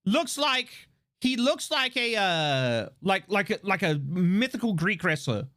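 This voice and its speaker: A streamer chats casually on a livestream, packing the talk with fillers, restarts and quick laughs. The voice sits at a middle pitch for its kind but swings widely, keeping things lively, animated and excitable.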